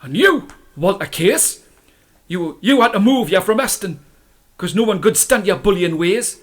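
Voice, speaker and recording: A man's voice: high-pitched, expressive, measured pace, a bit bright, voice pushed up, full character voice. A man doing a stern mine deputy. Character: stern middle-aged male mine deputy, father.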